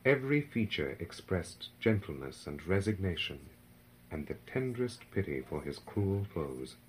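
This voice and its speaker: A man's voice: deep voice, sing-song, normal speed, a little hiss or hum, poor audio. A man giving a solemn, dramatic reading of a devotional narrative, rising in force for the crowd's cries. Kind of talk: scripted narration of a devotional book.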